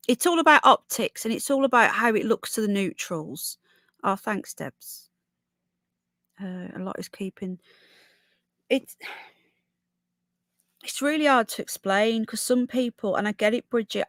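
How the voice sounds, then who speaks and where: A woman's voice: mid-range voice, expressive, a little slow, long pauses, a bit bright, no echo. A woman with a sore throat talks straight to her live viewers in a casual, rambling way, full of opinions and restarts. Her voice sits mid-height and sounds close and dry, with no room around it. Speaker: livestream host. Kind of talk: casual live chat reading viewer comments.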